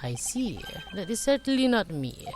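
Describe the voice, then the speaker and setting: A woman voicing a calm, smug male murder suspect with a put-on accent in a fan dub of a game. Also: medium pitch, normal speed, faint music behind, natural voice. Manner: put-on accent, formal and unruffled.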